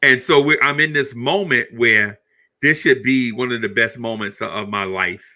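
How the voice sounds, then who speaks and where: Animated middle-aged storyteller man. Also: mid-range voice, normal speed. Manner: animated, repeats words, laughs often. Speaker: podcast host. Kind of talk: casual storytelling chat.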